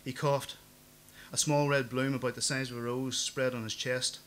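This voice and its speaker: A man narrating an audiobook in a measured, even storytelling manner. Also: medium pitch, a little hiss or hum.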